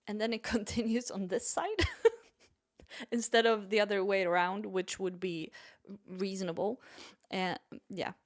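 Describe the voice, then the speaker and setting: A woman musician chatting casually on her stream in a rambling, self-deprecating way. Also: mid-range voice.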